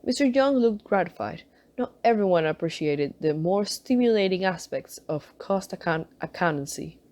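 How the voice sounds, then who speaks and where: Amateur audiobook reader, woman, mellow and lowish, relaxed narration. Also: normal speed. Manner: relaxed, self-conscious asides. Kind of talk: reading a novel aloud.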